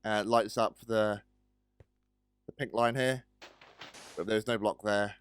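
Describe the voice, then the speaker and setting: A man's voice: on the low side, steady tone, unhurried, long pauses, clear, resonant tone, faint music behind. A man casually commenting on a building game, chatty and hesitant, often talking to his in-game pets. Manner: chatty, talks to pets, hesitant with many ums. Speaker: gaming video host.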